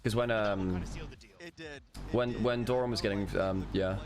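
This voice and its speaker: A man's voice: fairly low pitch, fairly even intonation, a little slow, a crowd in the background. A man co-hosting a live esports stream, chatting loosely with restarts and asides to chat.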